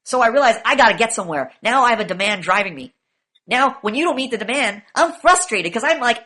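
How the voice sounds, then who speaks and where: Woman instructor, bright and forceful, swears freely, pushes the class with rapid questions. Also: fairly high pitch, expressive. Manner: profane, emphatic, rapid rhetorical questioning. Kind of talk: classroom lecture.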